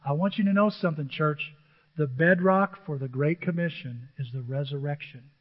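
A male pastor preaching a sermon to his church, animated and emotional, often jumping into excited high exclamations. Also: normal speed. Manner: self-described emotional. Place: church sanctuary with a screen. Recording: dull, long hall reverb.

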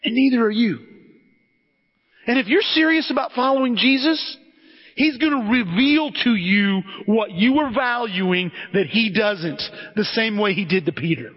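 In a church sanctuary, a pastor with a high, slightly rough voice speaks a little slowly, delivering a casual, conversational sermon. He talks straight to his listeners, calls them "guys," and keeps restarting his sentences. The recording is dull, with long hall reverb.

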